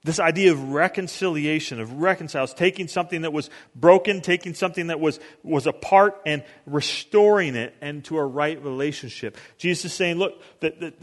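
A man giving a casual, conversational sermon as a pastor, rambling and acting out little scenes. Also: fairly high pitch. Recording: long hall reverb.

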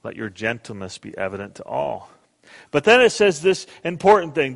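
Man, middle-aged pastor, sermon, emphatic then hushed, mid pitch, long reverb. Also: very animated, moderate pace, gravelly. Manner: earnest, emphatic preaching with soft prayerful drops.

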